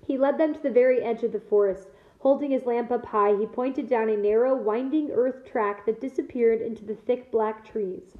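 A woman teacher reading a novel aloud to her class in a lively storytelling manner, in an echoey room heard over a thin, phone-like line. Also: fairly high pitch, normal speed, hardly any pauses.

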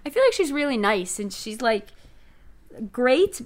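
Young woman, podcast co-host, higher voice, chatty recap style. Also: unhurried. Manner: chatty, filler-heavy, animated retelling. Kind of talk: casual reality-show recap chat.

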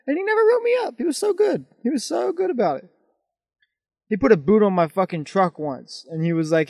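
A young man co-hosting a podcast in casual chat, telling animated stories and swearing a lot. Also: sits high, brisk, no echo, studio quality. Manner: animated, swearing, excitable storyteller. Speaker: podcast co-host.

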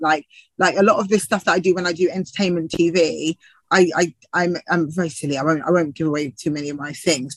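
A woman's voice: fairly low pitch, no echo, poor audio. A woman TV presenter and actor from the UK, chatting in an interview with frequent laughs and restarts. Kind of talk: casual interview chat.

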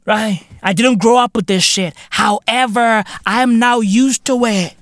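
A man, hosting a podcast with a profane, mocking comedic rant that bursts into shouting. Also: very high-pitched, measured pace, no room sound, clean studio sound. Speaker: podcast host.

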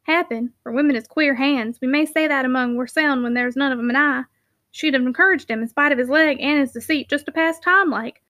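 A sly, talkative Yorkshire mill worker, as a woman reads him, rambling in broad dialect. The voice stays close to her own bright tone. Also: high voice, a little fast. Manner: sly, gossipy, dialect-rich.

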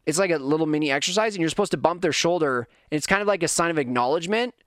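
A man in middle age rants on his own podcast, wandering off into tangents and laughing at himself. His voice sits a little high. The sound is dry and close, with no room in it. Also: very fast, a bit bright, smooth, no echo. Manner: rambling, self-mocking, lots of tangents. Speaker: podcast host. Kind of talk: casual solo podcast rant.

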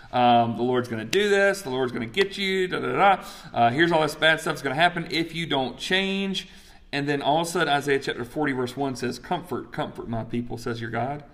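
A man teaching a Bible study class in a lively, chatty way, asking the group questions. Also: mid-range voice.

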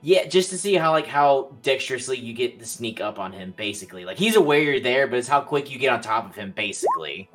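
A man narrates a tabletop game as its game master, easygoing and peppered with fillers. His pitch sits in an everyday middle range. A faint bed of music plays behind him. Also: very animated, fast, few pauses, a bit bright. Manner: casual, swears, many "like" fillers.

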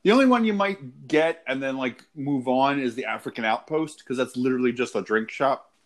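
A man's voice: medium pitch, animated, brisk. A man co-hosting a casual podcast, telling stories in a dry, laid-back way. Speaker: podcast co-host.

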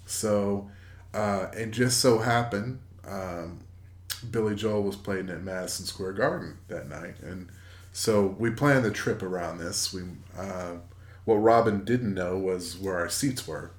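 A low-pitched man in his forties, co-hosting a podcast, tells a casual story in a rambling, halting way, full of fillers and restarts. The recording has an echoey room sound.

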